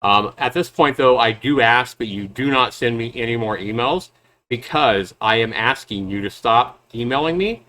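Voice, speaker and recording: A man in the middle of an ordinary pitch range, talking back at clips from a rival. He sounds sarcastic and mocking as he takes apart each claim. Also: normal speed, bright, forceful tone, slight background noise. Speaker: YouTube game reviewer and developer. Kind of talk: reaction commentary.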